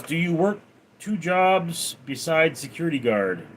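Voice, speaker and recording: A man hosting a livestream, reading viewers' names and questions in a raised voice, then answering them flatly. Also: unhurried, slight background noise. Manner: reads donor names and questions aloud in a lively raised voice, then answers flat and low. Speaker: livestream host reading chat. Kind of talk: casual livestream Q&A.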